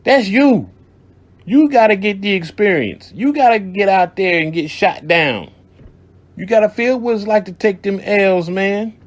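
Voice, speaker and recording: Man, radio host, slightly high voice, blunt, streetwise, profane, casual advice talk. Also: expressive, measured pace. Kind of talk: casual call-in advice monologue.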